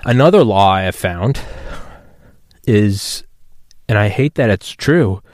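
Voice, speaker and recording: A man's voice: fairly low pitch, expressive, slow, darkish tone, no echo, clean studio sound. A man in his thirties hosting a solo podcast, rambling and profane and mocking himself as he talks. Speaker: podcast host.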